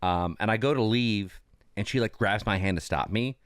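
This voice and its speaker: A man's voice: lowish voice, moderate pace, no echo, studio quality. A man co-hosting a podcast in casual chat, retelling scenes animatedly and acting out the lines he quotes. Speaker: podcast co-host. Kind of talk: casual chat recapping a show.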